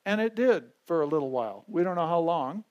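A man's voice: fairly high pitch, lively intonation, fairly quick, darkish tone, dull audio. A man teaching a Bible study sermon in a conversational way, repeating key phrases and checking in with the congregation.

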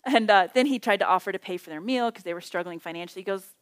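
A middle-aged woman teaching a Bible study in a casual, conversational way, telling stories with lively acted-out quotes. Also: mid-range voice, racing, smooth.

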